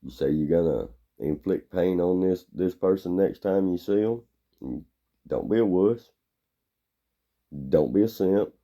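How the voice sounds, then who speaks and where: A blunt, gruff man delivers a rambling opinion monologue. His voice sits extremely low, with a gravelly fry and a dark, mellow tone. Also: expressive, unhurried.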